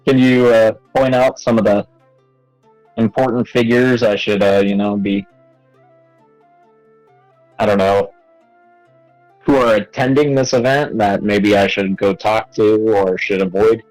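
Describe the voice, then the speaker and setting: Slow, low-voiced man playing a tabletop game. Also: steady tone, darkish tone, no room sound, soft background music, rough recording. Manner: hesitant, laughs often, lots of fillers. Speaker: player. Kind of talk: tabletop role-play, casual.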